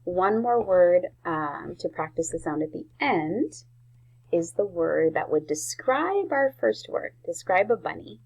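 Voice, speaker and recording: A woman teaching a spelling lesson to young children, slowly sounding out each word. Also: lowish voice, lively intonation, a little mellow, a little hiss or hum, poor audio. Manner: slow, clear sounding-out of words. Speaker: first grade teacher.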